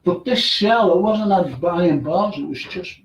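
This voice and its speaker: This live radio host has a voice that sits high and unhurried, picked up from a distant mic in an echoey room with a little hiss or hum. After reading out listeners' names and messages chattily, he tells a ghost story with stammering restarts in a casual tone.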